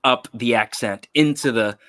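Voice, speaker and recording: A man's voice: mid-range voice, normal speed, a bit bright, dry recording. A man hosting a casual podcast conversation over a video call, enthusiastic and encouraging. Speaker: podcast host.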